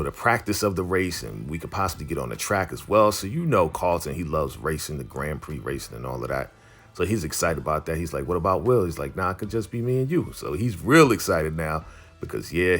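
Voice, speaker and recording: A deep-voiced man recaps an episode, retelling scenes and quoting lines over a soft music bed. He's loose, chatty and rambling, constantly saying "you know" and "like".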